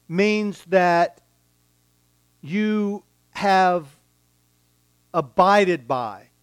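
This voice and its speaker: Slow, emphatic high-voiced male preacher. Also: animated, smooth, no echo. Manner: deliberate, emphatic teaching with repeated phrases. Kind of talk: expository sermon.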